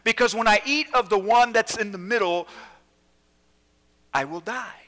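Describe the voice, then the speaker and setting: A man's voice: high voice, measured pace, bright, forceful tone, pitched above the performer's own voice. A man voicing the first woman as she earnestly corrects the tempter. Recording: reverberant church hall.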